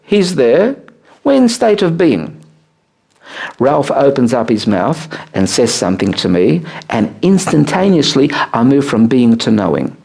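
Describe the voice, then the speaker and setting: A rabbi teaching a small live group, explaining ideas with animated, swooping emphasis and many "uh" fillers. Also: male voice, unhurried, creaky, husky. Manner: animated, swooping pitch on key words, frequent "uh" fillers. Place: room with a small seated group.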